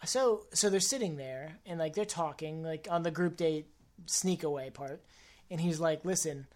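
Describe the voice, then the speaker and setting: A young woman co-hosting a podcast, casually recapping episodes and slipping into quick quotes of the people involved. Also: low voice, a little mellow. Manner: retells scenes with quick put-on quotes. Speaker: podcast co-host.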